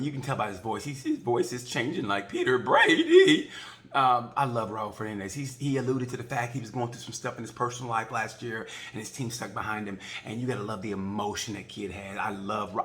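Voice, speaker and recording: A man giving a casual, rambling race recap, joking and acting out quick voices along the way. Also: on the low side, a bit bright. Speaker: motorcycle racing video reviewer.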